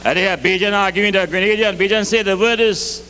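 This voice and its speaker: A man doing live comic storytelling with an animated, rhythmic Caribbean delivery. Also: sits high, quick pace, hardly any pauses, slight background noise.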